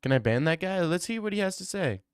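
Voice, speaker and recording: A man's voice: sits high, animated, quick pace, clear, resonant tone, no echo, studio quality. A man streaming live, chatting casually with his viewers in a rambling, joking way. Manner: rambling, joking banter with chat. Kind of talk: casual livestream chat.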